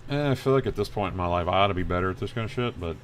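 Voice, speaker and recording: A man's voice: deep voice, very fast, a little hiss or hum. A man hosting a casual livestream while he draws, telling long rambling stories and swearing freely. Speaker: livestream host drawing. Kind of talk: casual chat while drawing.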